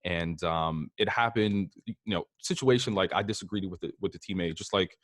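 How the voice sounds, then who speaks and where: Brief: very low-voiced man, podcast host, reflective anecdotes, dry close sound. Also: moderate pace, fairly bright tone, no room sound. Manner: reflective, shares personal anecdotes with frequent fillers. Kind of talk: casual interview talk.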